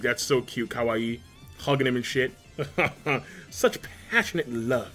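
A young man hosting a live manga reaction, reading panels aloud and reacting with crude jokes and loud exclamations. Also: medium pitch, expressive, measured pace, faint music behind.

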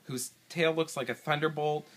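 High, bright-voiced man rambling and swearing. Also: steady tone, normal speed. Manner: rambling, exasperated, swears a lot. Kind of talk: flustered quiz answer on home video. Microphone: camera held by partner.

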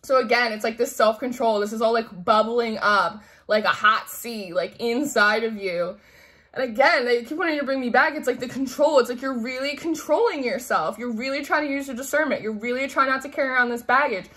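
A woman giving a casual tarot reading in a chatty, animated way, acting out quoted voices and laughing often. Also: on the high side, brisk. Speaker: tarot reader.

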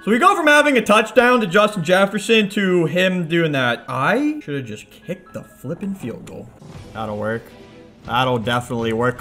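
Young male gaming YouTuber, high-strung, pitch swinging everywhere, hollers at every play. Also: normal speed, soft background music. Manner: excitable, yells at plays, trash talk. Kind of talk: live gameplay commentary.

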